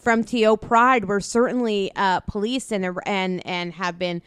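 Woman, Canadian, podcast co-host, impassioned, restarts a lot, smooth clear voice, dry close sound. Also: medium pitch, steady tone, measured pace, a bit bright, dry recording. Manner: impassioned, many restarts and swearing. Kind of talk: casual political chat.

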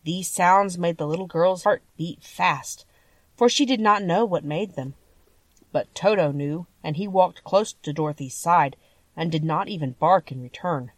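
Woman audiobook reader, expressive and measured, dry close mic. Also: fairly low pitch, no echo. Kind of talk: storybook narration.

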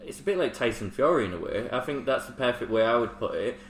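A man with an average-pitched voice, chatting supportively as co-host. The sound is roomy, with faint noise behind him. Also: expressive, fast talker. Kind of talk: casual chat. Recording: roomy echo, faint background.

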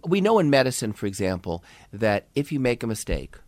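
A man's voice: medium pitch, big pitch swings, a little fast, a little mellow, dry recording. An older man, a podcast co-host who teaches medical students, talking in a thoughtful, casual way with restarts and asides. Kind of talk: casual conversation.

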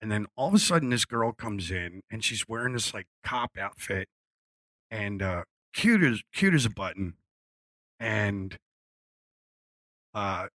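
A man's voice: fairly low pitch, expressive, a little slow, long pauses, sharp tone, no room sound. A man from Philadelphia telling a casual story, acting out quotes and swearing freely. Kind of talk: casual anecdote.

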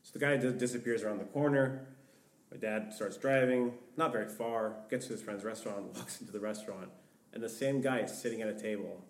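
On a podcast, a young male guest with a lowish voice talks fairly quickly, telling a long story in a loose, rambling way with "like" everywhere. The casual storytelling is recorded from a distance in a room full of echo.

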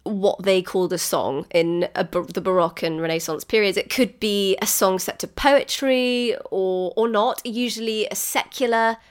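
A woman's voice: mid-range voice, normal speed, hardly any pauses, smooth. A woman co-hosting a podcast, explaining music history in a chatty way with frequent giggles and asides. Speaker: podcast co-host.

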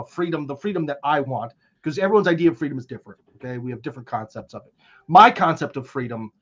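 Brief: American male guest, higher-than-average voice, rambling slang-heavy storyteller, muffled lo-fi capture. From United States. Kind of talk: casual conversational storytelling.

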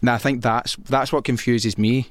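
A man's voice: medium pitch, fairly even intonation, moderate pace, no echo, studio quality. A Scottish man hosting a podcast, talking frankly and chattily and thinking aloud as he interviews his guest. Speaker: podcast host. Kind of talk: casual podcast chat.

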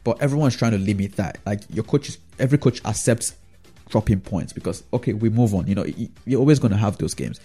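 A man with a fairly low, mellow voice talks through his football opinions in a loose, rambling monologue. He keeps tossing in tag questions to the listener as he goes. Faint music sits low behind him. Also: brisk, slightly rough. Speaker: football fan vlogger.

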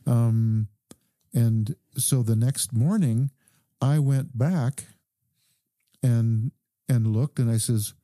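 A man, a doctor guest on a podcast, calmly telling a story and quoting the people in it. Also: medium pitch, dry recording, clean studio sound. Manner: calm, measured recounting with quoted dialogue. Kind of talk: conversational storytelling.

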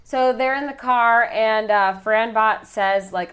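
A woman co-hosting a casual podcast, recapping a movie scene by scene and slipping into quick voices for the characters. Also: a little high, fairly bright tone, smooth. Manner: chatty, retells scenes with quick put-on voices. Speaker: podcast co-host.

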